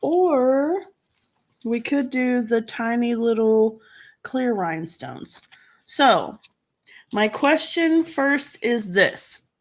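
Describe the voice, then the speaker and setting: A woman with a slightly high voice hosts a crafting live stream, chatting casually as she works. She reads viewer comments aloud and laughs easily.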